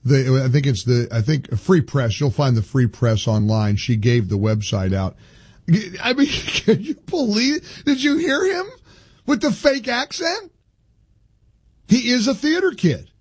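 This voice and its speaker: Male radio host, slightly high voice, indignant and emphatic, studio monologue. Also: sing-song, measured pace, breathy edge, no room sound. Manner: indignant, emphatic, with many restarts. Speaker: radio talk show host. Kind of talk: opinionated talk radio monologue.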